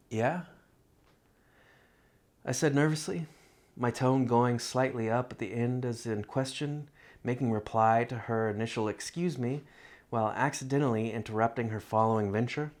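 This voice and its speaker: A man reading his own literary love story aloud in a measured, reflective first-person narration. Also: medium pitch.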